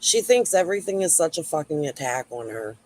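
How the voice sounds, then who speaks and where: Over poor audio, a YouTube livestream host rambles and swears while answering her chat. Her deep, slightly mellow voice has a sing-song quality and runs a little fast.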